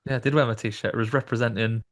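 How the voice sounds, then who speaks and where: A man hosting a horror podcast, telling stories in lively casual chat and acting out the voices of the people in them. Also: medium pitch, quick pace. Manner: animated storytelling, acts out voices. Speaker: podcast host.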